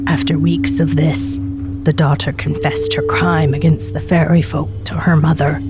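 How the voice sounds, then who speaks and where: A woman narrating a scripted story in a slow, measured way. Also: deep voice.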